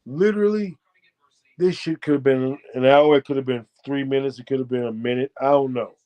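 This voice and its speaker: American man, guest storyteller, profane and boastful, bursts into shouted quotes, mid-pitched voice. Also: a little fast, dull audio. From United States. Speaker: guest, former fighter telling a story. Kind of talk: animated storytelling.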